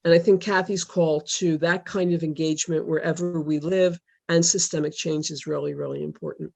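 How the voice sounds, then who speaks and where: A woman's voice: deep voice, fairly even intonation, creaky, a little mellow. Earnest woman sharing a testimony. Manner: earnest, halting, many fillers. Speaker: religious sister volunteer. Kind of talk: personal testimony on a video call. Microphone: video call.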